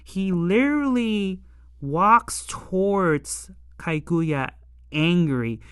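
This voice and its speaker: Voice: medium pitch, animated, extremely slow, a bit bright, clear, resonant tone, no room sound, clean studio sound. A show reviewer recapping an episode in casual, rambling talk full of fillers and exasperated asides. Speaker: anime and tokusatsu episode reviewer.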